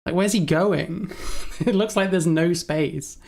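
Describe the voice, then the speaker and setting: A woman's voice: on the low side, slow, vocal fry, very noisy. A woman streamer giving blunt, sarcastic and profane reaction commentary, often laughing. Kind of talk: casual livestream reaction commentary.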